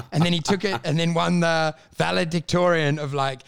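A man co-hosting a casual podcast chat, animated, swearing freely and mimicking people. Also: fairly high pitch, a little fast, gravelly, hardly any pauses, slight background noise.

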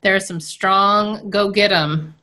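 A woman's voice: mid-range voice, fairly even intonation, slow pace, sharp tone. A woman hosting a podcast, chatting casually and laughing often with her guest. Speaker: podcast host. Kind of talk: casual chat. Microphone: Instagram live stream.

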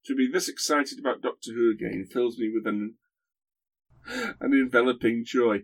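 A man's voice: mid-range voice, a little fast, vocal fry. Hesitant, dry-humoured man. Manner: hesitant, dry humorous, many fillers. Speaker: podcast co-host, guest. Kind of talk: casual podcast chat.

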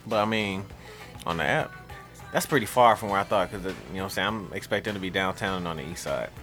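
A man's voice: deep voice, fast, a bit bright, soft background music. A man co-hosting a podcast at a mic, bantering casually with plenty of teasing and swearing. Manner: teasing, profane and joking. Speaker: podcast co-host.

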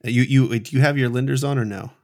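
A man narrating as game master of a tabletop game, telling the scene slowly with halting restarts. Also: medium pitch, steady tone, darkish tone. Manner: slow, halting storytelling with many restarts.

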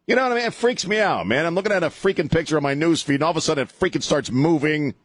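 A middle-aged man hosts a talk radio show, rambling and joking in casual banter with lots of laughs and filler, all very animated. His voice is a little high and very fast, picked up on a studio microphone with no room sound.

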